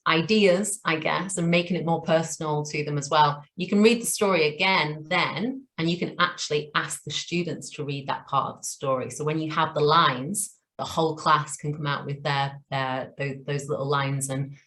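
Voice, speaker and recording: Low-voiced, lively woman teacher trainer. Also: moderate pace, few pauses. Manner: enthusiastic, chatty, laughs often. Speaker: teacher trainer, webinar co-host. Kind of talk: webinar teaching talk. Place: online webinar.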